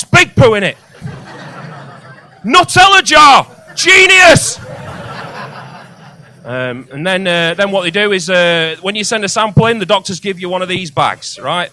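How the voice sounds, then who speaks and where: A male stand-up comedian telling crude stories, loud and sweary, building to shouts. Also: sits high, fairly quick, few pauses.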